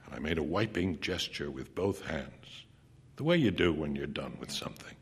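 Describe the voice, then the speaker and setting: A man narrating a first-person story aloud in an intense, dramatic way, his voice sinking at times to a hushed near-whisper. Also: a bass voice, lively intonation, moderate pace, slightly rough.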